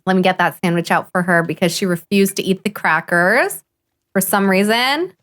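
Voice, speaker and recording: An excitable woman streaming a life-sim game live, chatting casually as she plays. She gushes over every little moment, gasping and laughing between lines, with a voice that sits at an ordinary middle pitch for a woman. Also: moderate pace. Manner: excitable and gushing, gasps and laughs often. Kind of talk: casual live gameplay commentary.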